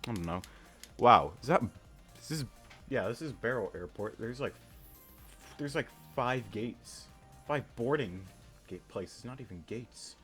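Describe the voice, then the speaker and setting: A man casually talking through a flight simulator game, thinking aloud with many pauses and filler words, and breaking into sudden excited outbursts. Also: mid-range voice, faint music behind. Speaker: flight sim gamer. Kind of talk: casual gameplay commentary.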